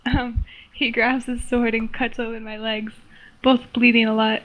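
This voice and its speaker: A young woman reading her homemade story aloud in a flat, stumbling way. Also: a little high, unhurried, muffled recording, a little hiss or hum. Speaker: story reader.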